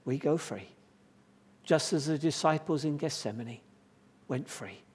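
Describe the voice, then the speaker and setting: Male preacher with a high voice, delivering a sermon with emphatic repetition and swings between quiet and fervent. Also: a little slow, breathy edge.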